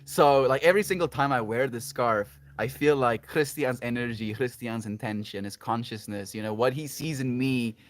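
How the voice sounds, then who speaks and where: A man's voice: mid-range voice, moderate pace, hardly any pauses. A sleep-deprived man rambling affectionately on a livestream, reading chat aloud and laughing often.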